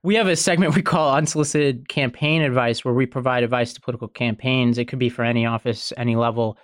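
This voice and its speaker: A man hosting a political podcast, introducing segments and analyzing politics in a brisk, conversational way. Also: mid-range voice, steady tone, dry recording. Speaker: podcast host. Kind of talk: casual political commentary.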